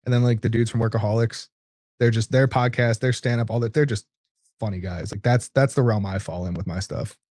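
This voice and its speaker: Podcast co-host, man, rapid and enthusiastic, dry close mic. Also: mid-range voice, fairly even intonation, darkish tone, no room sound. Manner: enthusiastic, quick, loose phrasing. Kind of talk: casual chat.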